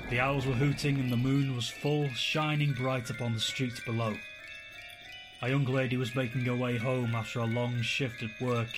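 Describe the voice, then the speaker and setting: A man reading a spooky story in a slow, dramatic storyteller voice. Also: mid-range voice, little pitch movement, music in the background, poor audio.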